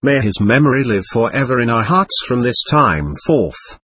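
A man reading the part of a gentle, earnest young man who speaks warmly and pleadingly to a group of boys, in a storybook reading. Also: mid-range voice, lively intonation, moderate pace, breathy edge, no room sound. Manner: warm, heartfelt, pleading.

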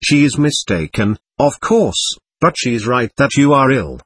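Guy reading shy gentle young guy, grieved and pleading, husky voice, lively pitch. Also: measured pace, no room sound. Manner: timid, grieved. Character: timid gentle young man, anxious younger brother.

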